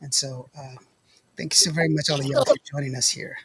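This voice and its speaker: A man's voice: medium pitch, fairly even intonation, quick pace, fairly bright tone, slight background noise. A man hosting a podcast, chatting casually and greeting viewers who joined the stream. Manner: laid-back, reads viewer comments aloud. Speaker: podcast host.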